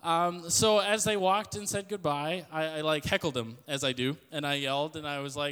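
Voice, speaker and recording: A young man giving a loud, joking youth sermon to an audience in a church hall. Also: a little high, fairly even intonation, brisk, hardly any pauses, clear, resonant tone. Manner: loud, joking, self-deprecating storyteller. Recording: long hall reverb.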